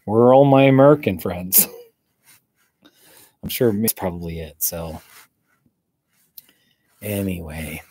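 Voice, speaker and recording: A man chatting with his live-stream viewers from a hammock outside. His voice sits a little low and has a husky grain. He talks in an easy, drawn-out, rambling way. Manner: relaxed, rambling, drawn-out talk. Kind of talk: casual live-stream chat. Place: outdoors in a hammock.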